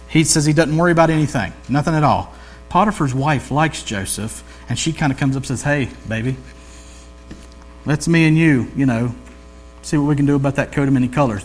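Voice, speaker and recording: A man preaching a sermon in a loose, conversational storytelling way, with jokey asides and slang. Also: on the high side.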